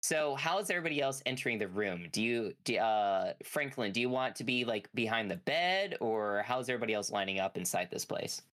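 Relaxed man running a tabletop game. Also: mid-range voice, fairly quick, few pauses. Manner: easygoing, hesitant, many fillers. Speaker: game master.

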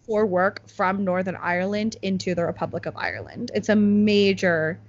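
A young woman chatting casually as a co-host, explaining news with lots of "like" and quick laughs. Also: mid-range voice, animated, vocal fry. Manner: chatty, many "like"s, laughs at own jokes. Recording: slightly muffled lo-fi audio.

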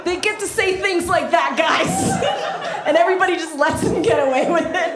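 A young woman whose family is from Somalia performs stand-up on a club stage, chatty, self-mocking and saying "like" a lot. Her very high-pitched, brisk voice comes through over a noisy crowd in an echoey room with loud audience laughter.

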